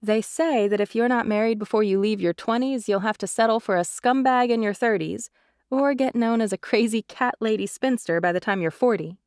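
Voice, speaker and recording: A woman's voice: fairly high pitch, a little fast, darkish tone, smooth, dry recording, studio quality, natural voice. A woman voicing a friendly, level-headed young woman recruit.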